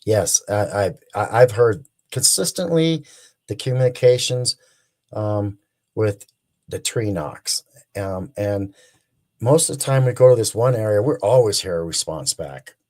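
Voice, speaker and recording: A man in his sixties, a guest animatedly telling a long story, excited and rambling with restarts. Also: lowish voice, measured pace. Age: 60s.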